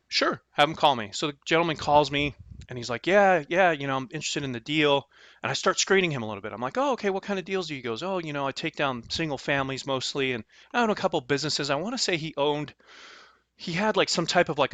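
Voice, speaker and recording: A man tells a story about a deal in a casual, lively way, slipping into the voices of the people he talks about. His voice is bright and forceful and sits slightly high. The sound is dry and close, with no room echo. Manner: animated, acts out both sides of conversations. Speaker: real estate investing channel host.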